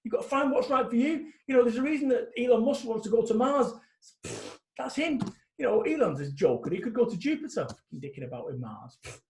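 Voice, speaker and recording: A man's voice: very high-pitched, very animated, brisk, gravelly. A man in his forties, a guest speaker talking bluntly and animatedly in a casual interview, swearing freely. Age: 40s. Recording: echoey room.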